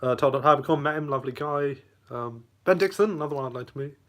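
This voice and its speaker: During a laid-back live Q&A, the host munches on lunch while reading the chat aloud and rambling in between bites. He speaks fast, with a slightly high voice and a fairly bright tone.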